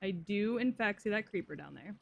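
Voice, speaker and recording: A young woman chatting casually with her viewers while playing a game, swearing often and reacting loudly to chat messages. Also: mid-range voice, lively intonation, brisk, creaky, a little hiss or hum. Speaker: streamer. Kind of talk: casual live-stream chat while gaming.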